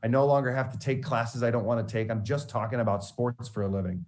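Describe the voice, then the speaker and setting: A man's voice: mid-range voice, quick pace. A man who works as a sportscaster, telling candid stories to students about mentors and failure, with frequent restarts as he goes. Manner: candid, animated storyteller with many restarts. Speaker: sportscaster giving a mentoring talk. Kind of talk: storytelling speech to students.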